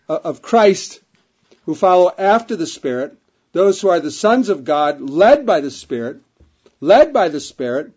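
A man's voice: a little high, a little mellow. A man preaching a sermon, reading King James scripture aloud and repeating key phrases for emphasis. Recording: dull lo-fi recording.

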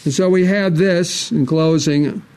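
A man's voice: fairly high pitch, a little slow, a little mellow, clear, resonant tone. A man preaching a sermon, reading scripture aloud and pressing earnest, repeated rhetorical questions. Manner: reads scripture aloud in King James wording.

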